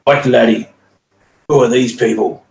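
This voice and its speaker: A man voicing a huge, hearty barbarian with a big booming voice, chummy and loud. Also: fairly even intonation, unhurried, vocal fry. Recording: echoey room.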